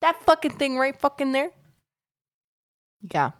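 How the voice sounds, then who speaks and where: Female podcast co-host, brash and boastful, swears constantly, slightly high and very animated voice, recorded in a home loft. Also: unhurried. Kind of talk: casual chat.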